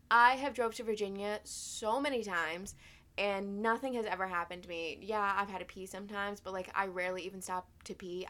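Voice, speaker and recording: Profane, animated young woman telling a story. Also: mid-range voice. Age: 20s. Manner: animated, profane, loose storytelling with many fillers. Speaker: vlogger. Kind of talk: casual storytime vlog.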